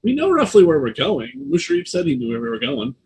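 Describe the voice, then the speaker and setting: A man's voice: fairly high pitch, huge pitch swings, quick pace, a little mellow, slight background noise. A man playing a tabletop game, joking around in a playful way. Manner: jokey, playful. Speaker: player. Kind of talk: tabletop game play, casual.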